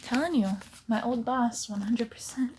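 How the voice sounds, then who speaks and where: A woman talking in a soft-spoken ASMR reading style, hushed and half-whispered, with giggly asides close to the mic. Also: a little high, moderate pace, a little hiss or hum. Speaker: ASMR creator.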